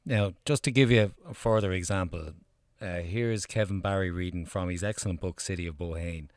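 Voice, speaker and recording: A man's voice: deep voice, fairly quick, no echo, studio quality. A man from Ireland, a channel presenter explaining things in a conversational voice-over.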